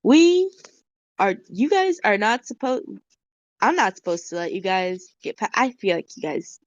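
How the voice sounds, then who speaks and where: A woman's voice: medium pitch, big pitch swings, measured pace, no echo, muffled recording. A woman narrating as game master of a tabletop game on a call, rambling with many fillers.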